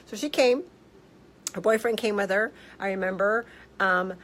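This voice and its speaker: Woman health practitioner, blunt and animated, casual vlog storyteller, mid-range voice. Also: medium pitch, normal speed, low-quality recording. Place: office.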